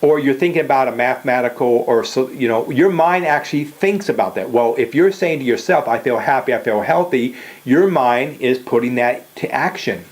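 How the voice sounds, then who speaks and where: A man's voice: mid-range voice, normal speed. Direct older man giving a pep talk. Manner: direct, repeats "okay?" and "you know". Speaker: motivational speaker. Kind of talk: casual motivational talk.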